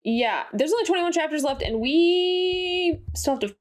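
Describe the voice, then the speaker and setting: A woman's voice: very high-pitched, animated, measured pace. A young woman co-hosting a podcast in casual chat, dropping wry quips. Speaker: podcast co-host.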